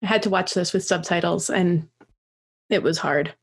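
A woman in her thirties co-hosting a podcast, chatty and animated in casual talk. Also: fairly low pitch, normal speed, husky. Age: 30s. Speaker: podcast co-host.

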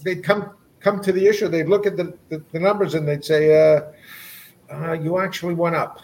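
A man reminiscing on a video call as a guest writer, relaxed and chuckling. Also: on the high side, brisk, poor audio. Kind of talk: casual panel chat.

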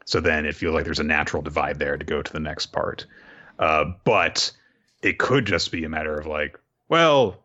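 A man's voice: very deep voice, normal speed, highs cut off. A man co-hosting a podcast, recapping manga chapters in casual chat and acting out the characters' lines as he goes. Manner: animated retelling, acts out characters' lines. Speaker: podcast co-host.

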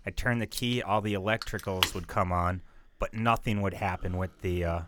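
A man co-hosting a podcast, telling everyday stories in a dry, low-key way. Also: steady tone, moderate pace, noisy background. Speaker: podcast co-host. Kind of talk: casual podcast storytelling.

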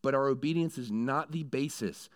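A man's voice: mid-range voice, moderate pace. Conversational man preaching a sermon. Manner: conversational preaching, building to animated storytelling. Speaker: pastor.

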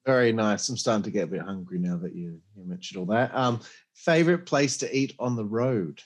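A man's voice: on the low side, animated, brisk. A man hosting an interview, asking casual questions and answering with short, upbeat remarks. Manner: upbeat, short affirming replies. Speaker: interview host.

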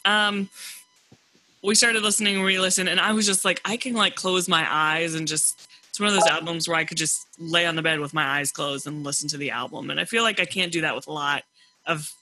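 A woman's voice: on the low side, steady tone, fairly quick, pushed and bright, rough recording. A woman co-hosting a podcast over a video call from home, chatting casually, rambling and laughing often. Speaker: podcast co-host. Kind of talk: casual chat.

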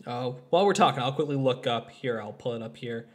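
A fast-talking, animated man with a medium-pitched voice co-hosts a podcast about films. He rambles and jokes through the casual review, full of fillers and restarts.

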